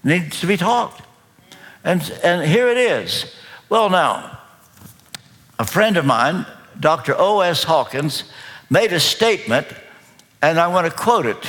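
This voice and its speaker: A man with a Kentucky accent preaching a sermon as pastor, slow, deliberate and emphatic. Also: on the high side, very animated, a bit bright. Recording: long reverb of a large hall.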